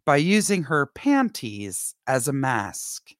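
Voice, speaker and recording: Animated woman reading with sarcastic asides. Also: rumbling low, takes it slowly, no room sound, clean studio sound. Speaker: podcast co-host. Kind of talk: reading a news story aloud with commentary.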